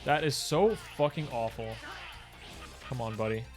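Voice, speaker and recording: A man's voice: mid-range voice, unhurried, soft background music. A young man chatting casually with his stream chat while speedrunning a game, loose, profane and talkative. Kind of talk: live gaming stream chat.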